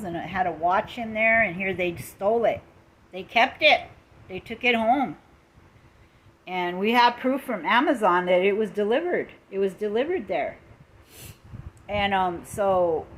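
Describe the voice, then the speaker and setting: A middle-aged woman talks on a live stream, retelling a grievance with heated emphasis and lots of repetition. Her pitch sits in an ordinary middle range. A faint hiss of background noise sits under her voice. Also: rough recording. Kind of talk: casual live-stream storytelling.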